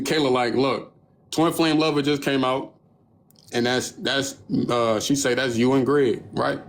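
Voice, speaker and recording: There's a faint hiss or hum behind this medium-pitched young man, who is hosting a livestream on his phone. He tells an animated, casual story laced with profanity and parrots other people's remarks in mocking voices.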